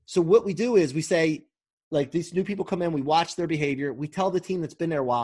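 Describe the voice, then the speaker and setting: Husky man, slightly high voice, enthusiastic coach, talking from home, rambling. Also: quick pace, darkish tone. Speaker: coach, podcast guest. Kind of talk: casual interview talk. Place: home during quarantine.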